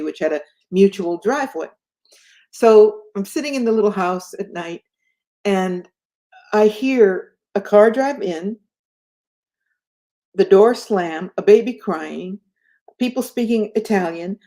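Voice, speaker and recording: A woman guest telling a personal story in a conversation, acting out the voices of the people in it. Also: medium pitch. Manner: animated, acts out the voices in her stories.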